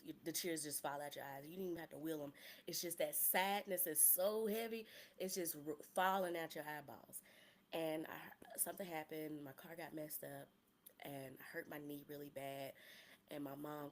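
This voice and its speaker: A woman's voice: fairly low pitch, a little hiss or hum. A woman in her thirties hosting a personal podcast, talking candidly and emotionally, close to tears at times, with casual slangy humor. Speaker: podcast host.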